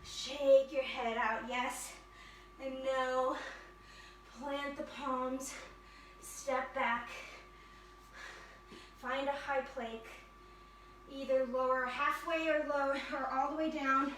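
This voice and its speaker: A woman leading an energetic yoga fitness class, cheering and counting down reps, slightly out of breath. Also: sits high, slow pace, pauses often, a little hiss or hum. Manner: upbeat, encouraging, counts down reps. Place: yoga studio. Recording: echoey room from a distance.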